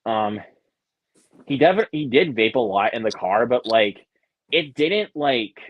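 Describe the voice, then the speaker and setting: A man's voice: medium pitch, animated, a little slow. A man co-hosting a casual chat, rambling hesitantly with many restarts and fillers. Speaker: podcast co-host. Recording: dry, dull sound.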